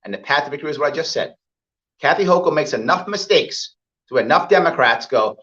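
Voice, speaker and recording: A man delivers a campaign speech, pounding home each point and repeating it for effect. His pitch swings widely, rising high for emphasis and dropping low. The recording is dull and lo-fi. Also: expressive, brisk, a bit bright. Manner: emphatic, repeats points, acts out quoted voices. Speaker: political candidate. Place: event hall with live audience.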